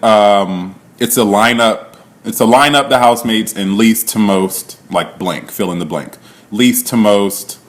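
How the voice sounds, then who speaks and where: A man with a somewhat low-pitched voice recaps a reality show in a casual, rambling way. He laughs often, leans on "like", and swears without a second thought.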